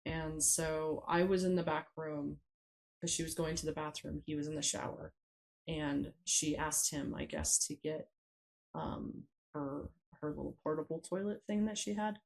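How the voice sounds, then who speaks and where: A woman with a low, gravelly voice speaks as a guest in a conversational interview. She tells her story haltingly and often pauses to search for words. Her delivery is unscripted and personal. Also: fairly even intonation, a little mellow, rough recording. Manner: hesitant, many pauses and fillers. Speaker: podcast guest.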